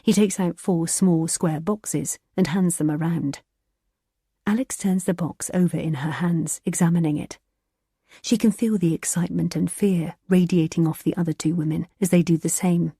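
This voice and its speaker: A woman narrating a thriller audiobook in a measured, even storytelling manner. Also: lowish voice, breathy edge, no echo, studio quality.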